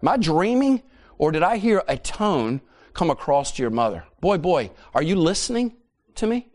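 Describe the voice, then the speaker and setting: A stern older father calling out his son in a demanding tone, as a preacher puts him on, pitched well above the speaker's usual voice. He presses each question hard. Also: very animated, moderate pace, darkish tone. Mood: stern scolding.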